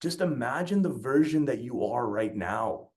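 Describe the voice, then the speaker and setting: A man's voice: mid-range voice, expressive, moderate pace, a little mellow. A man giving a motivational talk, telling stories bluntly and swearing freely. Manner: blunt and profane, with storytelling energy. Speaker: motivational speaker.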